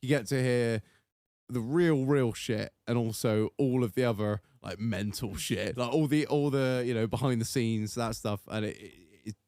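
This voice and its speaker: A man's voice: medium pitch, normal speed, a little mellow, dry recording, studio quality. A man hosting a casual podcast, sweary and laughing often. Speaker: podcast host.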